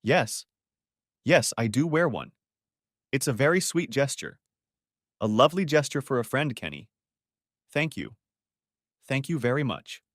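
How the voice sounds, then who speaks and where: Male narrator doing a panicky young bride, high stammering voice, dry close sound. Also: very animated, measured pace, long pauses, no room sound. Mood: teasing. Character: flustered young woman bride, sneaky.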